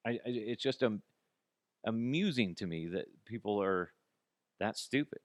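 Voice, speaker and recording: A man's voice: lowish voice, lively intonation, measured pace, pauses often, no echo. A man hosting his own podcast, ranting in a blunt, mocking way with lots of restarts. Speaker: podcast host. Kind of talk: casual solo podcast rant.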